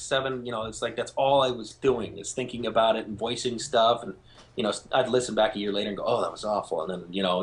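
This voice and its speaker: Guy telling his stories in an interview, lively, does the voices of the people he talks about. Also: medium pitch. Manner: animated storyteller acting out quoted voices. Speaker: guest, game show host. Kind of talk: phone interview, storytelling.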